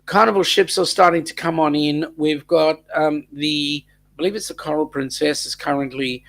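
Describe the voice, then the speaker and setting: A man's voice: fairly high pitch, fairly even intonation, moderate pace, gravelly, a bit bright. An Australian man hosting a casual live chat, greeting viewers and reading comments with lots of ums and restarts. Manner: rambling, many ums and restarts. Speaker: livestream host.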